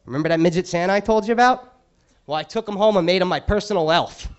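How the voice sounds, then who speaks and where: A man's voice: high voice, quick pace, highs cut off. A male stand-up comedian on a club stage, ranting crudely and sarcastically through an exasperated set.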